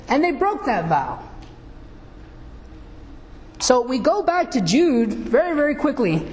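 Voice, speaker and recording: Preacher, male, high-pitched, unhurried, teaching from scripture in a reverberant hall. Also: slight background noise. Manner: slow, questioning the congregation. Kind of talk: sermon. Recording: echoey hall.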